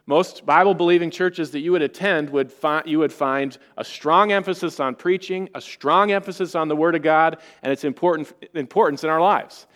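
Pastor preaching in a reverberant hall. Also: male voice, on the high side, fairly bright tone. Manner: measured, earnest preaching with reverent prayer. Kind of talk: sermon.

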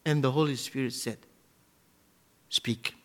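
A male preacher with a high, bright voice that leaps all over the place. He shifts between booming emphatic peaks and quiet, low phrases, and he leads the congregation in call-and-response declarations. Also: sing-song, unhurried. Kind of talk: sermon.

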